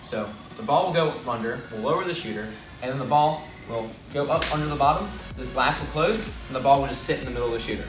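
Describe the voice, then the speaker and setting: A man casually walking through how his team's robot works, in a self-deprecating, relaxed way. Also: medium pitch, quick pace, hardly any pauses. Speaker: robotics team member. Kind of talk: casual technical walkthrough. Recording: echoey room, mic far off, music behind.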